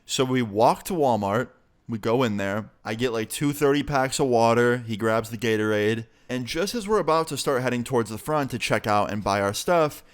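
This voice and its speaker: A man's voice: medium pitch, normal speed. A young man casually telling a personal story on his channel, full of slang and swearing. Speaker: YouTuber. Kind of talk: storytime vlog.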